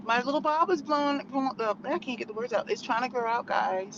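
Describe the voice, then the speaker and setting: A woman's voice: fairly high pitch, brisk, dull audio, noisy background. An American woman vlogging in casual, opinionated chat, rambling with lots of "like" fillers. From United States.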